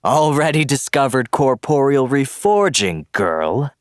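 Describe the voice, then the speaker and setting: A man's voice: mid-range voice, sing-song, unhurried, no room sound, studio quality, voice pushed up. A man voicing a composed, cackling male assassin who mocks his young opponent in a storybook reading. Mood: mocking. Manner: mocking and taunting.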